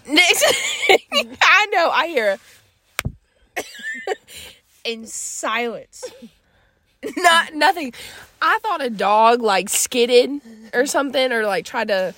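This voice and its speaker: A woman's voice: sits high, slow, pauses often, a little hiss or hum. A young woman co-hosting a casual chat podcast, retelling a story with frequent laughter. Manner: laughs through her story, animated retelling. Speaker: podcast co-host.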